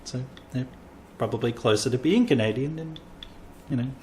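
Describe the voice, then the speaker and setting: A man's voice: mid-range voice, normal speed, mellow, slight background noise. An Australian man, a comedian hosting a casual podcast, rambling through travel stories and acting out quoted lines.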